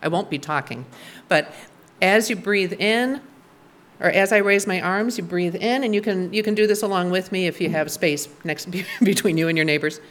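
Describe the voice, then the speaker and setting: A woman's voice: on the low side, normal speed. A woman leading a congregation, giving casual spoken instructions with fillers. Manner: casual, with fillers and small laughs. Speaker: worship service leader.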